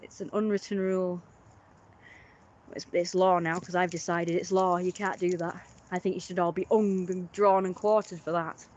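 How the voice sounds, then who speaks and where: A woman's voice: fairly low pitch, level tone, moderate pace, a little mellow, dull audio. A young British woman livestreaming a casual, rambling opinion rant, often mocking others in put-on voices.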